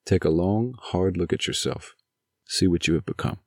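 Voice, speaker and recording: A man doing a stern old baritone father. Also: moderate pace, darkish tone, no echo, clean studio sound. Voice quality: booming baritone. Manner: stern but pleading, firm commands. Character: stern grieving father of the groom, older man.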